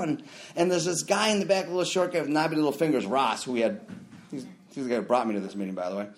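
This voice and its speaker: Middle-aged man, recovery share, lively storyteller, loud bursts when quoting others. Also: mid-range voice, quick pace. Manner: animated storyteller, jumps into loud acted quotes. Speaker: recovery meeting speaker. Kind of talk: personal story shared at a meeting.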